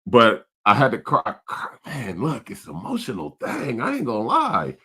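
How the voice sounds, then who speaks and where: A man's voice: mid-range voice, wildly swooping pitch, moderate pace, a crowd in the background. A middle-aged man, chatting casually and emotionally in a laid-back, slang-heavy way. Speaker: vlog host, father. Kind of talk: casual vlog chat.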